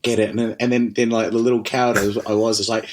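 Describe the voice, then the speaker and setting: A man from New Zealand with a New Zealand accent, an interview guest telling stories in a relaxed, laughing, rambling way. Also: on the low side, fast, a little hiss or hum. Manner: lively, laughing, rambling with restarts and swearing. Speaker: interview guest, distillery managing director. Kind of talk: casual storytelling conversation.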